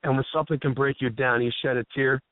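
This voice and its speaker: A man's voice: mid-range voice, steady tone, fast, no echo, phone-quality sound. A man hosting casual radio talk, telling stories in an earnest, emotional, heartfelt way. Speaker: host.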